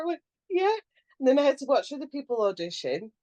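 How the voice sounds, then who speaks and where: Quick-paced and high-voiced, a young woman actor tells animated stories on a casual podcast. She frequently laughs and imitates what people said.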